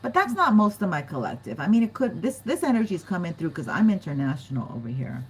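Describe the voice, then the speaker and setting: A woman reads tarot fast in a fairly low, sing-song voice with a breathy edge. Chatty and giggly with her viewers, she acts out the words other people might say. The recording is rough.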